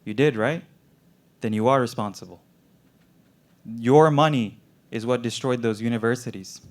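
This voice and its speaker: A young man voicing a gentle, sorrowful male doctor from a war zone who asks quiet, probing questions. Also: mid-range voice, normal speed, close to an everyday voice. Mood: gently probing.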